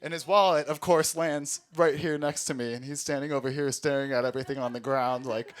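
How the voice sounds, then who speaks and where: A man's voice: a little high, steady tone, fairly quick, a bit bright. A man, an Army veteran, telling rambling, profane war stories in a casual comedy set and laughing at himself as he goes. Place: small recording studio space.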